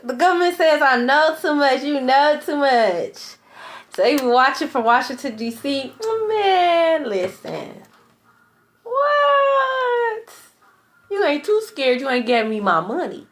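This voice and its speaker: A woman's voice: high voice, a bit bright. A young woman tarot reader ranting in a blunt, profane, repetitive monologue. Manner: blunt, profane, repeats herself.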